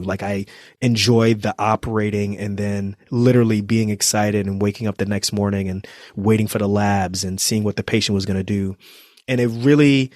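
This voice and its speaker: A man's voice: on the low side, a little mellow, no echo, studio quality. A man from New Jersey, a trauma surgeon, telling his story as a podcast guest and acting out what people said. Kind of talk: storytelling interview.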